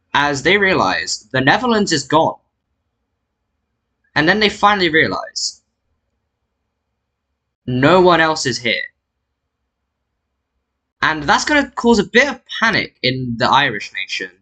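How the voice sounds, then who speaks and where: A man's voice: fairly high pitch, bright, forceful tone, rough recording. A man narrating a map game at home in casual commentary, rambling with frequent "so yeah" fillers and self-corrections.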